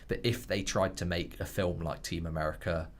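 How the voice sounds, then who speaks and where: A man with a very low voice co-hosts a casual film podcast. He talks earnestly and often restarts his sentences as he goes. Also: fairly even intonation, normal speed. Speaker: podcast co-host.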